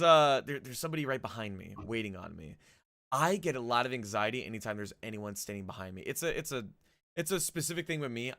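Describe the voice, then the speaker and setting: A man talks fast in a bright, mid-pitched voice, stumbling over restarts and swearing casually. His sound is dry, with no room around it. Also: no room sound. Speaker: podcast co-host. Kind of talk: casual profane chat.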